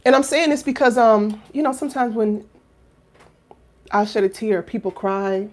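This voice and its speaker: Chatty woman coach, soft to exclaiming. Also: on the high side, normal speed. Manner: swings from soft, hushed reflection to loud exclaiming; chatty, with many fillers and rhetorical questions. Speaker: life coach and finishing school founder. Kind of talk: casual heartfelt talk to camera.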